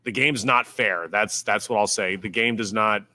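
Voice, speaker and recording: Bright-voiced young man telling stories. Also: lowish voice, normal speed, no echo. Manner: rambling, repeats words and restarts, acts out quotes. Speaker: podcast guest, former pro baseball player. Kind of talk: casual storytelling in a podcast interview.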